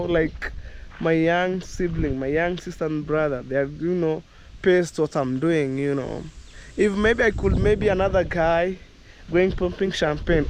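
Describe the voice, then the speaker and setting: Speaking to viewers from an outdoor village yard, a young man from Kenya chats casually in his Kenyan accent, sprinkling in "you know, guys." The vlogger's voice is slightly high and mellow, with a faint hiss or hum in the recording.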